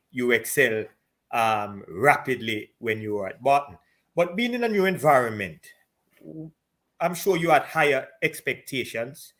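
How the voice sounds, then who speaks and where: A man's voice: medium pitch, fairly bright tone. Man from Jamaica hosting an interview. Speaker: host, former Olympian. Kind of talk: interview questions.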